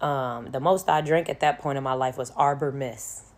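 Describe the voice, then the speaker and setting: A woman's voice: extremely low pitch, fairly even intonation, normal speed. Storyteller: woman; casual, slangy, acts out the quotes. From Chicago.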